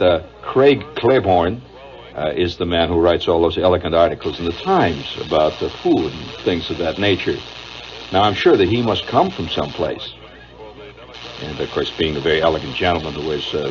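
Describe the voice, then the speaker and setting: A middle-aged man with a Midwestern American accent, a radio host telling a wry, digressive monologue full of uhs. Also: sits low. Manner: wry, digressive, chuckling storyteller with many uhs. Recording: dull lo-fi old radio broadcast with faint hiss.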